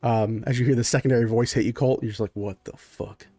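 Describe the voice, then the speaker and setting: A man's voice: mid-range voice, steady tone, racing, dark tone, no echo, faint music behind. A man narrating as game master in a tabletop game, casual with many fillers.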